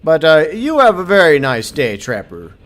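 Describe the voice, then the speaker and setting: A man's voice: fairly high pitch, sing-song, moderate pace, a bit bright. A man from Minnesota giving casual, joking commentary as he streams a game, swearing freely.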